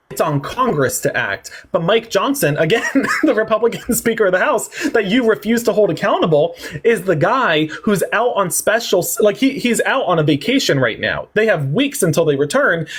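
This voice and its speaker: A man hosting a livestream political debate, talking fast, mocking and sarcastic, with theatrical swings in tone. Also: sits high, husky.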